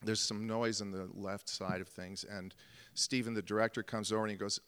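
A man's voice: lowish voice, level tone, normal speed, a bit bright, clean tone, in a large hall. A man, an actor, telling a story about a film shoot on stage, acting out the scenes vividly. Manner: vivid, acts out scenes and calls. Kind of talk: live storytelling.

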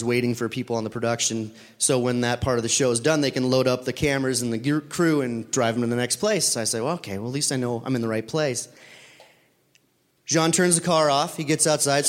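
A man telling a long casual anecdote in an animated, self-deprecating way, acting out bits of dialogue. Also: medium pitch, long reverb tail. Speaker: storyteller.

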